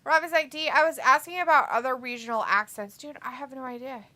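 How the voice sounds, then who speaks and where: Bright, chatty woman co-hosting a live stream. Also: sits high, fairly quick. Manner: reads chat messages aloud, jokey and chatty. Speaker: watch-along co-host. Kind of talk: casual live-stream chat.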